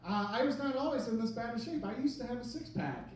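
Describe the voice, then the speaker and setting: A stand-up comedian in his thirties does a rambling, self-deprecating set on a comedy club stage, his high-pitched voice a little mellow, lively in intonation, quick and with few pauses. The echoey room is picked up by a distant mic, with crowd laughter and slight background noise.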